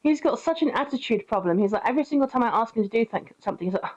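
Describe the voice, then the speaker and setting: A woman's voice: a little high, animated, very fast, a little mellow, highs cut off. Chatty sweary British young woman. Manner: chatty, sweary, laughs often, coos at her pet. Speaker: streamer. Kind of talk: casual gameplay commentary.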